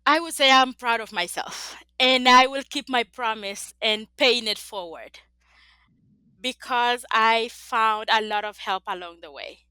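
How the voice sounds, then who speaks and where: Unhurried and a little high, this woman's voice is smooth yet sharp in tone, recorded with no room sound. She's a middle-aged native Spanish speaker from the Dominican Republic with a Spanish accent, reflecting earnestly as an interview guest and laughing frequently.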